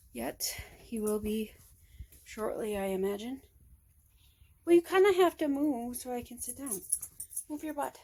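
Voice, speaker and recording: A woman's voice: a little high, darkish tone, a little hiss or hum. A woman vlogging at home, chatting casually and rambling aloud to herself as she goes about her day. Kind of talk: casual chat. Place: at home indoors.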